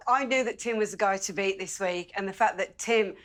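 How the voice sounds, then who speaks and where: A woman's voice: mid-range voice, fairly quick, fairly bright tone. A woman, a dinner-party contestant, talking in an earnest explaining manner.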